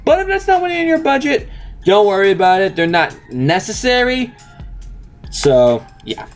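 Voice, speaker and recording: A young man with a high-pitched voice and big pitch swings hosts a card game channel at a moderate pace, with faint music behind him. He walks through a deck profile step by step in a casual, upbeat, talkative way.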